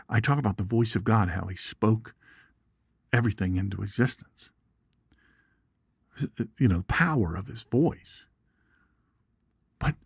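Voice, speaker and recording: Man, bible teacher, lively swooping pitch, folksy asides, dry close sound. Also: no echo. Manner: folksy and animated, asides and jokes, reads viewer comments. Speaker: Bible teacher and show host. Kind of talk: informal livestream Bible teaching.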